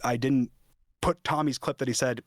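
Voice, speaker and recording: A man's voice: mid-range voice, steady tone, normal speed, dry recording, studio quality. A young man talking in a casual debate on stream, hesitant, restarting his sentences and using many fillers.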